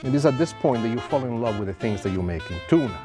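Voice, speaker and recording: A man presents a TV cooking demonstration with a medium pitch that swings up and down a lot. He talks enthusiastically and tosses in playful asides. Music plays clearly behind him. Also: expressive, fast. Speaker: cooking show host.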